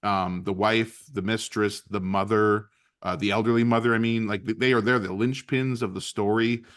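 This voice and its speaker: A man's voice: lowish voice, steady tone, moderate pace, fairly bright tone. A man co-hosting a casual movie podcast, talking enthusiastically and rambling with frequent restarts. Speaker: podcast co-host.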